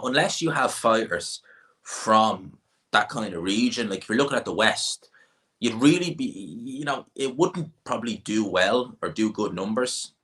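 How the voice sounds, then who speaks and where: A fairly low-pitched, sharp-toned Irish man runs a casual livestream and responds to viewer comments. He's opinionated and rambling, restarting frequently.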